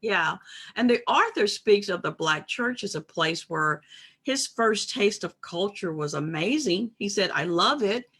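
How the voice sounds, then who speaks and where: Husky woman with gravelly fry. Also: medium pitch, animated, unhurried, sharp tone. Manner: reflective, emphatic, acts out quoted remarks. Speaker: co-host. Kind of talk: casual discussion.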